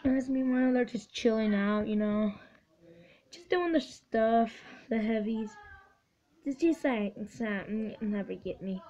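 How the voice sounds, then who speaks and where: A woman giving excitable, swearing let's-play commentary, cheering on her units. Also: fairly high pitch, unhurried. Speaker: gamer. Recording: dull lo-fi recording with faint hiss.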